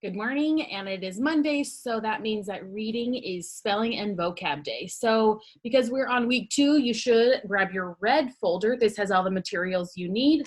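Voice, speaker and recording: A woman's voice: mid-range voice, lively intonation, normal speed, hardly any pauses. A young woman, a grade school teacher, giving a remote lesson to young students in an upbeat, patient way, explaining step by step.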